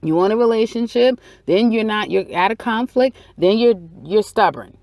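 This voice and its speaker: A woman's voice: mid-range voice, animated, normal speed, a little mellow, no room sound. A woman giving a casual weekly tarot reading, chatty and repetitive, acting out people's inner thoughts. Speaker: tarot reader.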